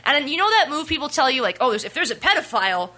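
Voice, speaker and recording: Bright, lively young woman storyteller. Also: sits high, fast talker. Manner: animated, swears freely, acts out quotes. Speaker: co-host telling a story. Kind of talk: casual radio show chat.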